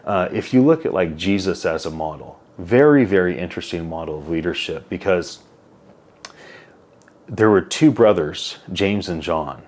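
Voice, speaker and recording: Low-voiced guy in his 40s, interview guest, chatty storyteller, keeps tossing in "like" and "right?". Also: normal speed. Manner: animated storyteller, acts out quotes, many "like" and "right?" tags. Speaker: interview guest, company CEO.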